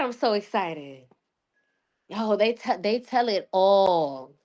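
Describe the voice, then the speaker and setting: A woman hosting a casual livestream, excitable and rambling, swearing freely and laughing often, with many restarts. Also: mid-range voice, slow. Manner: rambling with frequent restarts and fillers. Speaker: livestream host.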